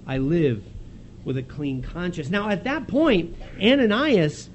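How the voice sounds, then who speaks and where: A male preacher talks through a scripture story in a casual, animated way, stumbling and restarting as he goes and laughing now and then. His voice sits fairly high and swings widely in pitch. A faint background hiss runs under the recording. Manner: conversational, animated retelling with quick laughs and restarts. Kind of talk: expository sermon.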